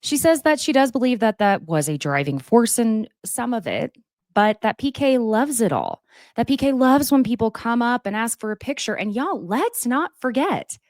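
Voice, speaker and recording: A woman's voice: a little high, sing-song, normal speed, a little mellow, dry recording, clean studio sound. A woman hosting a casual recap, chatty and opinionated, with asides and mock voices. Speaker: recap host.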